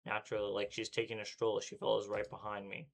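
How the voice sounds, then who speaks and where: A man's voice: lowish voice, monotone, fast, gravelly. A male streamer reading a visual novel aloud with dramatic delivery, acting out panting and breathlessness.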